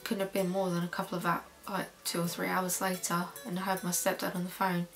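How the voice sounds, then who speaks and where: A young woman, a student filmmaker, quietly recalling events in a personal documentary interview. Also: lowish voice, monotone, fairly quick, soft background music. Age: young adult. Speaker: filmmaker recalling her mother's illness.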